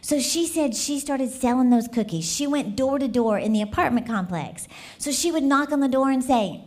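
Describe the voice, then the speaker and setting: Lively woman preaching. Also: high-pitched, moderate pace. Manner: lively, laughing, animated storyteller who asks the crowd questions. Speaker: guest speaker. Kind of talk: church message with storytelling. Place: church.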